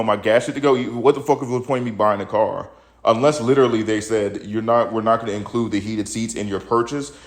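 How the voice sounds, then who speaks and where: A young man hosting his own opinion podcast, ranting bluntly and profanely about the news, a little out of breath. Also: fairly low pitch. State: slightly out of breath. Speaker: podcast host. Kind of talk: casual opinion commentary.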